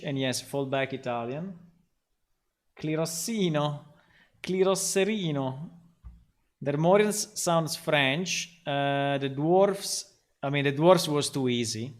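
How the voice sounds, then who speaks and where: A man chatting on a livestream while he works on a game, thinking out loud and wandering from point to point. He stops often for an um or a restart and takes his time over each thought. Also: mid-range voice. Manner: rambling and thinking aloud, many ums and restarts. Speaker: game developer streaming his work. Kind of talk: casual livestream talk while working.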